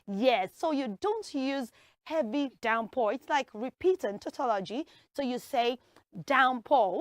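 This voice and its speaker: A woman teaching English usage, acting out everyday scenes with lively voices. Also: sits high, measured pace, dry recording, studio quality. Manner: animated, acts out everyday scenes. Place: television studio.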